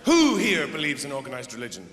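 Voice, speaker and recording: With huge swings in a medium-pitched voice, a middle-aged comedian talks fast on a live theater stage, sardonic and rambling, cursing and breaking into outbursts. The recording has a noisy background, an echoey theater hall, and a faint audience.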